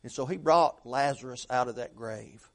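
A middle-aged man preaching a sermon, asking rhetorical questions and swinging between loud emphasis and hushed tones. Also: medium pitch, normal speed.

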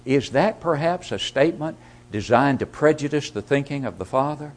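A man preaching a sermon, asking rhetorical questions and swinging from loud emphasis to hushed asides. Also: medium pitch, animated, normal speed.

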